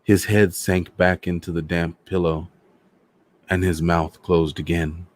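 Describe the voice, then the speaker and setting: A man hosting a storytime show, reading a novel aloud in a measured, dramatic way. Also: sits low, level tone, slight background noise. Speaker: storyteller host.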